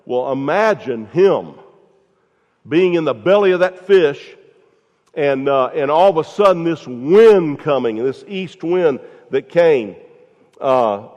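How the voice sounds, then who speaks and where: A man's voice: fairly high pitch, animated, slow pace, a little mellow. A man preaching a sermon in a folksy, conversational way, talking straight to his congregation with frequent asides. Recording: echoey hall, dull lo-fi sound.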